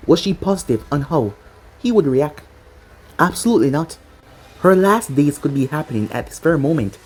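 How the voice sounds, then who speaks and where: A narrator reading a fan fiction story in a steady, dramatic manner. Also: mid-range voice, husky. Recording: faint music behind.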